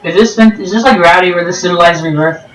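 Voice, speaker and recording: A man's voice: sits high, brisk, fairly bright tone, soft background music. Man, let's play host, joking and rambling, goofy asides, echoey room, mic a bit far. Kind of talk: casual gameplay commentary.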